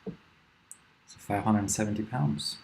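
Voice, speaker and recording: A man's voice: lowish voice, fairly even intonation, slow, gravelly, background noise. A man playing a tabletop game, checking rules and numbers. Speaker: player. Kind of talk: casual tabletop play. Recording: keyboard clicks behind.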